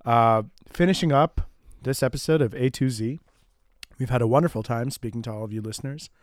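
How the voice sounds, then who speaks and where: A man's voice: mid-range voice, a little fast, no room sound, studio quality. A man co-hosting a comedy podcast, bantering playfully and slipping into a mock-announcer tone. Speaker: podcast co-host.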